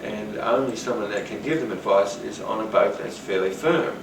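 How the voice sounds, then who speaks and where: A man giving a rambling, animated talk on rapport, now and then acting out the voices of people he quotes. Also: lowish voice, normal speed. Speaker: teacher. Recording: roomy, distant, noisy.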